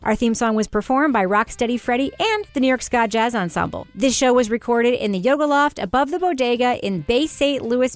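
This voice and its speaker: A woman's voice: fairly high pitch, no room sound. Wry laughing woman hosting a podcast. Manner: wry, laughs often, steers the talk with questions. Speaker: podcast host. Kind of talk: casual podcast chat.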